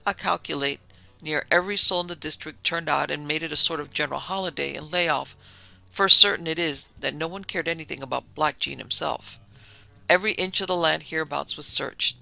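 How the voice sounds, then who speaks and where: Male narrator, fairly high, very bright tone with gravelly fry; first-person storytelling with lightly voiced dialogue. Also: a little fast, faint music behind. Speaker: podcast narrator. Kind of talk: scripted narration of a vintage tale.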